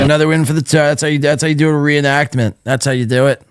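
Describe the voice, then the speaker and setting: A man's voice: fairly high pitch, steady tone, quick pace, over loud music. A man hosting a live podcast, riffing in crude, mocking commentary. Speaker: podcast host.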